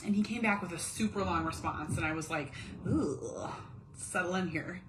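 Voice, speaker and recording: A woman's voice: fairly low pitch, normal speed, noisy background. A woman in her thirties, a mom and caregiver, talking candidly to camera at home, earnest and confiding, sometimes dropping to a near whisper on painful feelings. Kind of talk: candid personal monologue.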